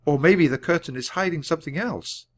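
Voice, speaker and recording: A man reading a children's book aloud, voicing a bold, quick-witted young girl in a raised voice. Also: a little high, pitched above the performer's own voice, lightly acted. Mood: cheerful. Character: shrill excited young girl.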